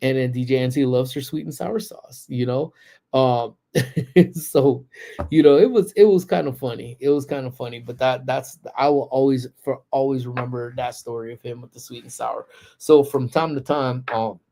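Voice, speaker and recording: A man's voice: medium pitch, fairly even intonation, normal speed, vocal fry, mellow. A man in his forties hosting a casual livestream, telling stories in a laid-back, slangy way with frequent laughs. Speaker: livestream host.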